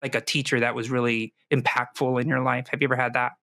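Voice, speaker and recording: A man's voice: medium pitch, quick pace, dry recording, studio quality. A man co-hosting a talk show, an educator and parent, talking animatedly with frequent restarts and acting out what kids and parents might say. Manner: animated, restarts often, acts out quoted kids. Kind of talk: casual discussion with a caller.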